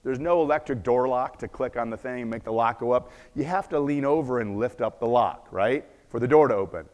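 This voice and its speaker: A man giving a conference talk, telling a dramatic story and shifting between loud bursts and hushed asides. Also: mid-range voice, brisk. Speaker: conference speaker. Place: conference stage. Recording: echoey conference hall.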